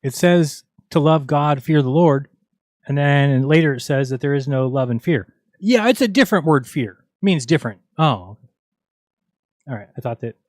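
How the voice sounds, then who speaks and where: A man's voice: medium pitch, a little mellow, dry recording. Exasperated ranting man, dry close mic. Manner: exasperated, mocking, argumentative. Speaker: livestream host. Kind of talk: casual ranting livestream talk.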